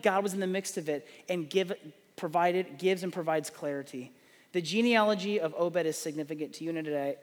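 A man's voice: fairly high pitch, long reverb tail. A middle-aged man, preaching a sermon, telling stories and acting out the dialogue. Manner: animated storytelling, acts out dialogue. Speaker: pastor.

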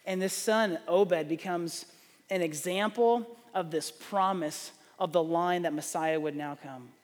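A man's voice: high voice, measured pace, in a large hall. A middle-aged man, preaching a sermon, telling stories and acting out the dialogue. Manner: animated storytelling, acts out dialogue. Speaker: pastor.

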